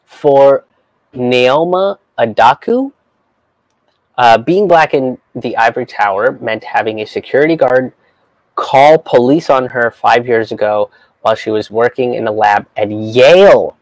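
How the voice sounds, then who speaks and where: A man's voice: medium pitch, unhurried, no echo, low-quality recording. A man giving a profane, incredulous rant while reading from an article. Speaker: comedian vlogger.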